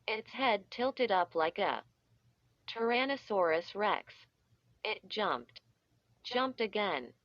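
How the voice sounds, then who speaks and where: A woman reading a children's story aloud in a deliberate way, stretching out the sound effects, with dull, slightly muffled audio. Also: mid-range voice, lively intonation, fairly bright tone, no room sound. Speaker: audiobook reader. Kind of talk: scripted storybook narration.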